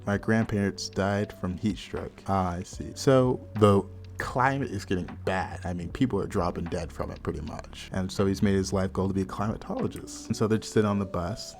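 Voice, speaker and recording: A man's voice: low-pitched, a little fast, a little mellow, soft background music. A man casually retelling a horror manga's plot, adding his own asides along the way. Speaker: manga reviewer. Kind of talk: casual storytelling recap.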